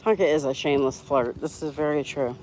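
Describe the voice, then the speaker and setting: A woman's voice: low voice, fairly quick, darkish tone. A woman hosts a casual livestream, chatting with viewers and reading their comments. She talks outdoors while walking her dogs, rambling and laughing at her own slips. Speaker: livestream host.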